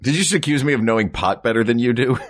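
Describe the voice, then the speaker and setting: A man's voice: medium pitch, very fast. A man co-hosting a comedy podcast in casual chat, teasing his partner with dry, playful jabs. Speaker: podcast co-host.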